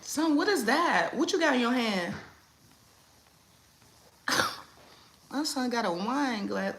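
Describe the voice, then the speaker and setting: A woman hosting a casual livestream from home. She talks in a playful, animated way, turning to her kids and greeting viewers by name. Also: fairly high pitch, slow pace, pauses often, slight background noise. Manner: animated, playful, talks to her kids and reads chat names mid-stream. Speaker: livestream host.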